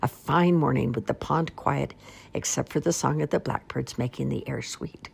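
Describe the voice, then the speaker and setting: A woman's voice: rumbling low, moderate pace, creaky, a little mellow, slightly rough, heavily acted. A woman voicing a pompous, long-winded male swan father who makes grand, flowery speeches in a storybook reading.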